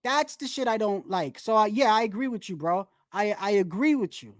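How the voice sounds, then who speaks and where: A woman hosting a boxing channel livestream, ranting in animated, profane, slangy talk full of restarts. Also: medium pitch, normal speed, no room sound, studio quality. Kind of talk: casual livestream commentary.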